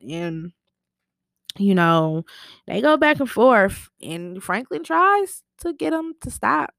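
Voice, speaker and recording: A woman's voice: medium pitch, slow pace, fairly bright tone, clean tone, dry recording, studio quality. A woman casually recapping a TV episode, telling it in a chatty, slangy way with lots of fillers.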